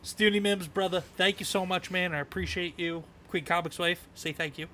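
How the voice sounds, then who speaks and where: A man's voice: high voice, normal speed, pushed and bright, a little hiss or hum. A man co-hosting a casual podcast chat, cutting in with incredulous reactions. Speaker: podcast co-host.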